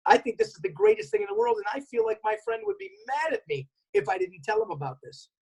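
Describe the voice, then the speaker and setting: Male seminar presenter, husky tone, energetic, drives points home by repetition. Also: high voice, quick pace, poor audio. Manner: energetic, repeats key points, acts out remembered dialogue. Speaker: network marketing workshop presenter. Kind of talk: seminar talk.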